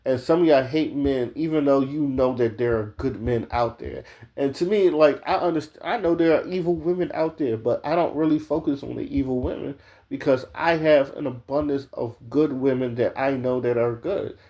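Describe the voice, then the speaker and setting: A man talks straight into the camera in a loose, unscripted opinion rant. His voice is mellow and warm, sitting at an ordinary male pitch. He swears freely and keeps stumbling into restarts and filler words as he makes his point. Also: moderate pace, lo-fi sound. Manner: blunt and profane, with frequent restarts and filler "like"; speaks straight to the viewers. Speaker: video commentator. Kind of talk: casual opinion commentary.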